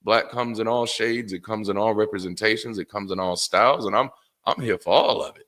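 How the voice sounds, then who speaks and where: A middle-aged man hosting a casual livestream, speaking candidly with plenty of swearing and animated rants. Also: on the low side, a little fast. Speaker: host.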